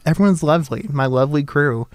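A man's voice: on the high side, lively intonation, fast talker, dry recording. Playful young male talk show host. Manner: playful, gushing. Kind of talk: casual banter.

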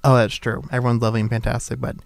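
A man's voice: mid-range voice, little pitch movement, racing, vocal fry, dry recording. Playful young male talk show host. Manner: playful, gushing. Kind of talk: casual banter.

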